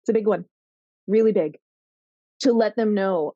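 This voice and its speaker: A woman giving parenting advice on a podcast, earnest and animated, acting out what teens and parents say. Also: mid-range voice, normal speed, long pauses, no echo, dull audio. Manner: earnest, animated, acts out teen and parent voices. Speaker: parenting coach guest.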